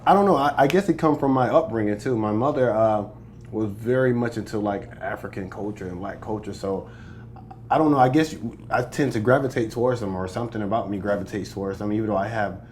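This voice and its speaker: A man's voice: fairly low pitch, fairly quick, darkish tone, a little hiss or hum. A young American man, a comedian, chatting casually in an interview, boastful and joking, laughing often. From United States. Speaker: comedian guest.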